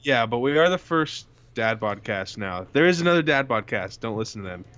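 A man's voice: mid-range voice, lively intonation, brisk, background noise. A young man co-hosting a casual podcast, joking around and swearing freely. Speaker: podcast co-host. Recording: dull lo-fi sound.

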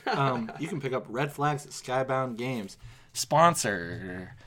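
A man hosting a casual podcast with friends, quick to joke and laugh. His pitch moves a lot as he talks, in a middle register. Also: slight background noise. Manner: animated, laughs often, tells jokes. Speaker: podcast host.

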